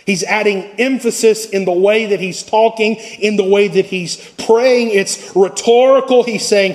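High-voiced preaching man. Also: steady tone, a little slow, few pauses, darkish tone. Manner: preaching with swells and drops in intensity. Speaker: pastor. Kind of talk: sermon.

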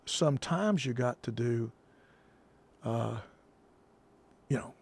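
A man's voice: mid-range voice, lively intonation, slow pace, a little mellow, husky. A man hosting a political talk radio show, talking in a folksy, repetitive, emphatic way.

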